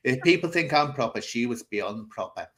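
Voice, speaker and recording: A man's voice: mid-range voice, lively intonation, moderate pace, fairly bright tone. A man hosting a casual chat show, telling an anecdote in a theatrical, chatty way and laughing as he goes. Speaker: host.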